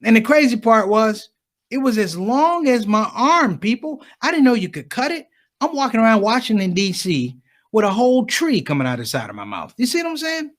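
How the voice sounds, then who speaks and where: A man doing stand-up comedy, talking straight to the crowd and acting out the people in his stories. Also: high voice. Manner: animated, acts out others' voices, talks to the crowd.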